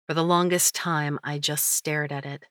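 A woman narrating a first-person novel in an even, reflective way. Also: deep voice, normal speed, dry recording, studio quality. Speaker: audiobook narrator.

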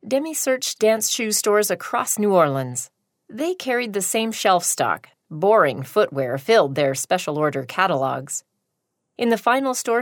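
A woman narrating a short story in a slow, deliberate reading. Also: medium pitch, no echo, clean studio sound.

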